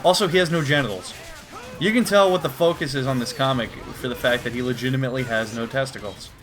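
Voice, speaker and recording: A man's voice: mid-range voice, fast, music in the background. A man doing comedic commentary while reading a comic aloud, crude, profane and exasperated. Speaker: YouTuber.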